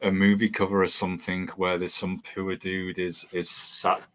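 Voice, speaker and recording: Really low-voiced guy hosting a metal podcast, lots of ums and restarts, chatting on a video call. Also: flat delivery, moderate pace, a bit bright. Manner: rambling, with many ums and restarts. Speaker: podcast host. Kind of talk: casual interview chat.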